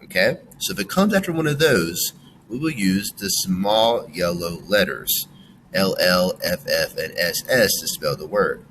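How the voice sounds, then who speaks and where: A man teaching a phonics lesson to children, slowly sounding out words with exaggerated emphasis. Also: deep voice, lively intonation, noisy background.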